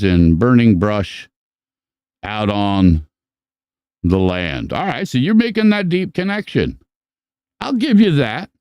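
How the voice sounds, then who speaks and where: A man hosting a live podcast, chatting casually and profanely while giving rambling shout-outs. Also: fairly low pitch, clear, resonant tone, dry recording. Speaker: podcast host. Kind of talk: casual live-stream chat.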